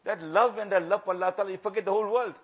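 A man preaching a sermon, impassioned, repeating phrases for emphasis and swinging from loud to hushed. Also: high-pitched, rapid-fire, breathy edge, muffled recording. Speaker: religious preacher.

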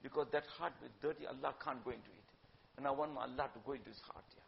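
A man giving a religious talk, emphatic, swinging between loud urging and hushed asides and slipping in Urdu phrases. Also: mid-range voice, very fast, gravelly, slight background noise. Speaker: religious teacher. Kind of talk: sermon-style religious talk. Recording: dull lo-fi recording.

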